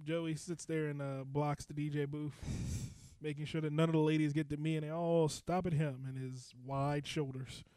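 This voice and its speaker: A young man hosts a comedy podcast from a basement studio, joking loosely and laughing often. His voice sits on the high side for a man, and it is recorded dry and close. He keeps the banter quick and casual. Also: little pitch movement, mellow, clean tone, no echo. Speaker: podcast host and DJ.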